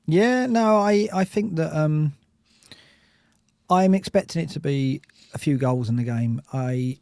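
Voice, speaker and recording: A man's voice: on the high side, animated, a little slow, creaky, darkish tone, dry recording, studio quality. A man co-hosting a football podcast, chatty, laughing easily and restarting his sentences. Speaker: podcast co-host. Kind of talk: casual football chat.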